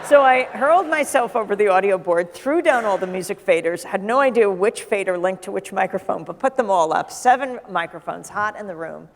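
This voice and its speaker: A middle-aged woman journalist, a guest in an onstage conversation, telling a lively anecdote and acting out the dialogue. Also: medium pitch, brisk, hardly any pauses. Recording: long hall reverb.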